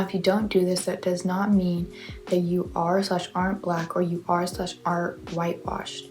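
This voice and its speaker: A woman's voice: lowish voice, darkish tone. A young woman casually reading online confessions aloud and reacting with chatty, sarcastic asides.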